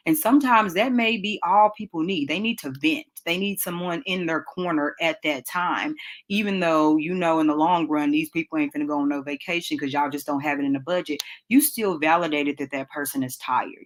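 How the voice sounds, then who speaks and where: A woman hosting a podcast, teaching a live relationship class in a chatty, direct way and addressing listeners as y'all. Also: deep voice.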